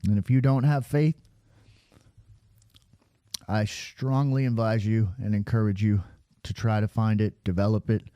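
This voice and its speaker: A man's voice: lowish voice, warm tone, clear, resonant tone, no room sound, studio quality. Breathless man rambling over radar footage. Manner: rambling, sarcastic, preachy at times. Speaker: video creator. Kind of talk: casual commentary over weather radar footage.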